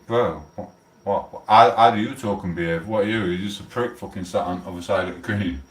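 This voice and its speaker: South yorkshire bloke livestreaming, swears a lot, lowish voice, echoey room, sat back from the mic. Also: male voice, fairly quick, recorded from a distance. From England. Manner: blunt, swearing, mock-outraged ranting. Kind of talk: casual livestream chat.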